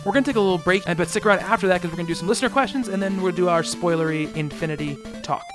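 A man's voice: sits high, rapid-fire, over music. A man hosting a podcast in casual chat, talking eagerly and restlessly, often restarting his sentences. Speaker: podcast host.

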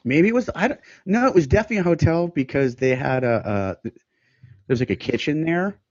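A man's voice: a little high, lively intonation, darkish tone, dry recording. Casual man, rambling storyteller, dry muffled close-mic sound. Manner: laughing, rambling storyteller with quick asides. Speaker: guest musician. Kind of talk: casual podcast chat.

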